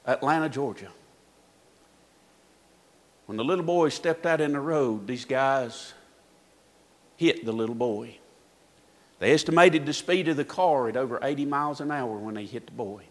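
A man preaching a sermon, telling a story dramatically, his voice swinging from hushed to shouting. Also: fairly high pitch. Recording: echoey hall reverb.

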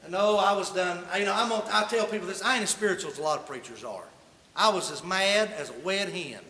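A man's voice: high-pitched, quick pace, bright, forceful tone. Folksy preacher guy spinning a funny yarn, echoey church hall, lots of reverb. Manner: folksy, humorous, colloquial storyteller. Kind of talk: sermon with folksy personal storytelling.

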